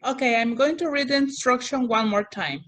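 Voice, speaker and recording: Patient woman teacher, slightly high voice. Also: a little fast, fairly bright tone. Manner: patient, repeats instructions, checks understanding. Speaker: English teacher. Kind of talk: online class instruction.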